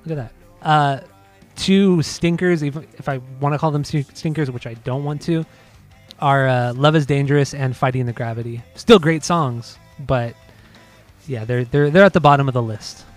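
A man's voice: mid-range voice, normal speed. Laid-back man chatting about music. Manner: laid-back, laughs often, swears casually. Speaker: podcast co-host. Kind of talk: casual chat.

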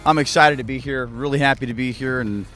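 A man's voice: medium pitch, steady tone, fast, fairly bright tone, soft background music. A young man talking as a podcast guest outdoors, eager and stumbling into restarts as he goes. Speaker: podcast guest, racing reporter. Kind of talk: casual chat. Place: outdoors at a racetrack.

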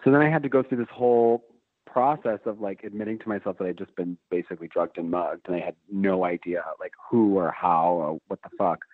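Deep-voiced and a little fast, this man rambles through a lengthy story in casual conversation, full of fillers, restarts, and free swearing. The sound is dry and phone-like.

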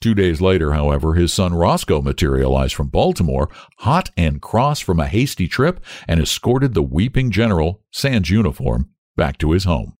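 A male narrator reads a story aloud in an expressive storytelling manner. His voice sits on the low side but moves lively up and down. The recording is dry and close. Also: moderate pace, hardly any pauses, no room sound. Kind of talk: audiobook narration.

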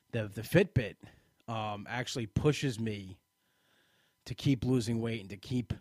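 A man's voice: mid-range voice, darkish tone, no room sound, clean studio sound. A man hosting a casual live podcast, chatty and self-deprecating, a bit tired and rambling with restarts. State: tired, yawning. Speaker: podcast host.

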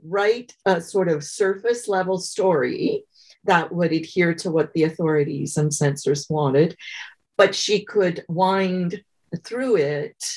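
A woman's voice: fairly low pitch, takes it slowly, a little mellow. A woman being interviewed as an author, telling stories thoughtfully, with fillers. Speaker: guest author. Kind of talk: interview conversation.

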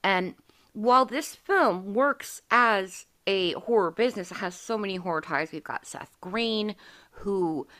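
A woman in her forties hosts a casual podcast chat, telling a personal story in a candid, profane way. She acts out quoted lines as she goes. Her voice sits at an ordinary middle pitch. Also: unhurried, sharp tone. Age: 40s. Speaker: podcast host.

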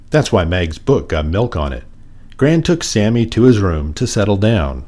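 Male storyteller, low voice that swings widely, sing-song picture book reading. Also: sing-song, moderate pace, a little mellow. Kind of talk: children's picture book read-aloud.

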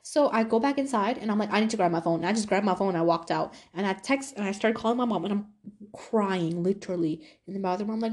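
A young woman hosting a podcast, telling a personal story in a casual, animated way with lots of fillers. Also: mid-range voice, quick pace. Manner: animated, talkative, many fillers. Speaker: podcast host.

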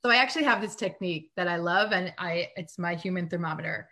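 A woman in a casual live-streamed chat, giving practical parenting advice with quick laughs. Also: on the low side, pushed and bright. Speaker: guest parenting coach.

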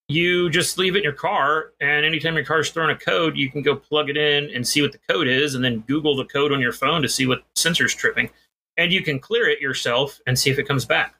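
A man's voice: a little high, normal speed, bright, forceful tone, slight background noise. A man co-hosting a podcast, telling a rambling, self-deprecating story in casual chat. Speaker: podcast co-host.

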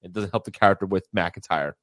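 A man with a lowish voice talks fast and loosely in a casual wrestling chat, piling up fillers and restarts. The sound is dry and close. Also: a bit bright, no room sound. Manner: rambling, filler-heavy, laughs often. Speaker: podcast co-host.

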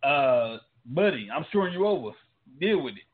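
A man chatting casually, telling stories loosely and answering with quick short replies. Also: on the high side, sing-song. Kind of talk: casual chat. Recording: tinny phone-like sound.

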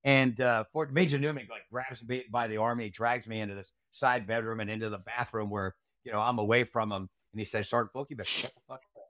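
A man's voice: fairly low pitch, fairly even intonation, brisk, hardly any pauses, fairly bright tone, no echo, studio quality. A man recounting a night from his Army days as an interview guest, blunt, profane and heated. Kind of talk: casual storytelling interview.

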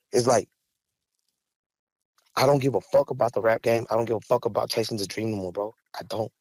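Heated, profane outbursts punctuate this emotional podcast interview with a rapper guest, who sounds raw and angry. His voice is medium-pitched and a little mellow, recorded dry in a podcast studio.

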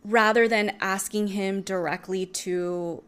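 Young woman, vlog talk, earnest, expressive, smooth clear voice, mid pitch. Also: slow. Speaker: self-empowerment coach.

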